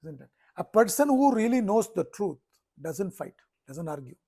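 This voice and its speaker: Spiritual teacher, male, raised pitch, tells stories and keeps asking if listeners follow. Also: sing-song, moderate pace, vocal fry, dark tone, husky. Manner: storytelling, checks in with listeners often. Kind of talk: explaining scripture in a talk.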